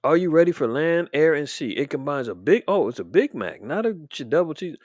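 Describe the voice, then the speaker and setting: A man's voice: mid-range voice, animated, moderate pace, few pauses, darkish tone, no echo, studio quality. A man hosting a casual commentary stream, talking in a loose, indignant, rambling way with many fillers and restarts. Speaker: show host commentating on current events.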